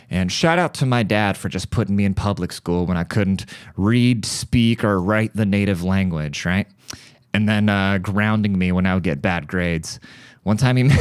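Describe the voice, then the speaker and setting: A man's voice: on the low side, smooth, no echo, studio quality. A man in his thirties, from Germany and a native German speaker, hosting a comedic podcast monologue in a profane, sarcastic rant. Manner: profane sarcastic ranting with mocking put-on voices. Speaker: podcast host.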